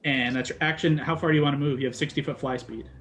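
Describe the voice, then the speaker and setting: A man narrating as dungeon master, slow dramatic scene-setting between rules talk. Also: mid-range voice, steady tone, a bit bright, slight background noise. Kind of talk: narrating a tabletop game.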